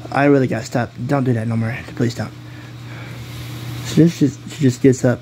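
A man's voice: mid-range voice, fairly quick, dark tone, slight background noise, rough recording. A man casually telling a made-up hero story, giggling and rambling, often breaking off mid-sentence.

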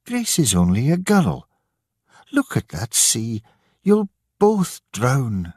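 A man's voice: medium pitch, huge pitch swings, takes it slowly, darkish tone, husky, no room sound, clean studio sound, pitched above the performer's own voice, heavily acted. A man playing a fearful, stern mother. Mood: pleading. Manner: pleading, insistent. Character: worried middle-aged mother, stern and fearful.

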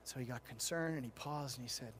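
A middle-aged man preaching a sermon as a pastor, telling stories and swinging between loud, emphatic stretches and hushed, tender ones. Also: medium pitch, fast, slight background noise. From United States.

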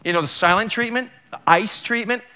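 A man's voice: sits high, fairly quick, sharp tone, clear, resonant tone. A male pastor giving a sermon in a church, talking conversationally and with emphasis, using plenty of rhetorical questions.

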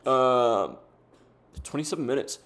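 A man's voice: medium pitch, a little slow, fairly bright tone. Young American guy streaming a game, loose and profane, jokey, mid-range voice. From United States. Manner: laid-back, swears often, talks in bursts with fillers and self-deprecating jokes. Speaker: gaming streamer. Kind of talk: casual gameplay commentary.

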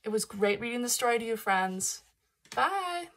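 A woman reading a Bible story aloud to children in a playful, encouraging way, pausing to ask them questions. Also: a little high, big pitch swings, a bit bright, a little hiss or hum.

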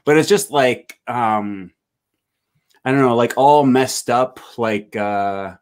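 A man hosting a casual chat, relaxed and curious, with many fillers. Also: medium pitch, slow pace, clean tone. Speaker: host. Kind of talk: casual video call chat.

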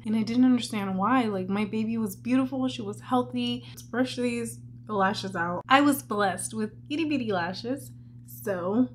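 A young woman talks her way through a makeup routine in a casual home vlog, candid and chatty, scattering "like" through her sentences. Her voice sits in an ordinary middle register. A faint hum runs under the recording. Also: mid-range voice. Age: young adult. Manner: candid and chatty, many "like" fillers. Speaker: vlogger.

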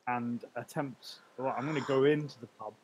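A man's voice: mid-range voice, steady tone, normal speed, darkish tone, rough recording. Playful man playing a tabletop game. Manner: hesitant, playful. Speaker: player. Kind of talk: casual tabletop play.

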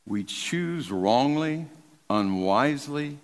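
An older man, a pastor preaching an emphatic sermon from the pulpit, swinging between raised and hushed delivery. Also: medium pitch, lively intonation, unhurried, in a large hall. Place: large church sanctuary.

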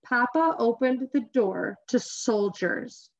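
A woman's voice: a little high, expressive, slow. Woman teacher reading aloud. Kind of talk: online reading lesson. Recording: dull lo-fi recording.

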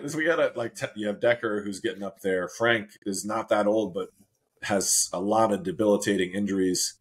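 Low husky man in casual sports chat. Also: moderate pace. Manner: laid-back, laughs often, says "man" a lot. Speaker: co-host.

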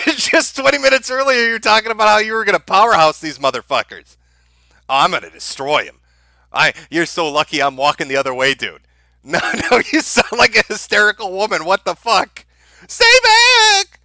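A man's voice: high voice, lively intonation, a little fast, creaky, sharp tone, dry recording. A man giving mocking commentary over a video clip, sarcastic and laughing at the footage. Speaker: online commentator.

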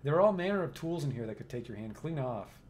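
A man's voice: medium pitch, big pitch swings, a little mellow, natural voice. A man voicing a cultured, polite engineer. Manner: pleasant, measured, formal. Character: cultured middle-aged male engineer, polite, precise. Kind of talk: reading game dialogue aloud.

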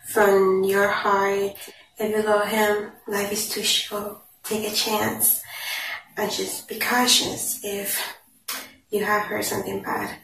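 A woman's voice: medium pitch, creaky, far from the mic. A young woman vlogger telling a personal story in a chatty, confiding way, full of "like" and "you know". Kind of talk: casual storytime. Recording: echoey room, voice a bit off-mic, noisy.

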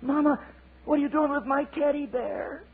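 A man's voice: steady tone, normal speed. A man doing a whiny scared baby eaglet. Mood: pleading. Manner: high pleading childlike wail. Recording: tinny lo-fi sermon tape with hiss.

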